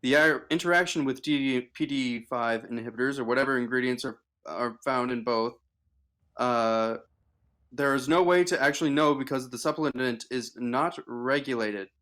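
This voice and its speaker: A man's voice: medium pitch, normal speed, fairly bright tone. A man reading an article aloud on a casual livestream, stumbling with fillers and restarts.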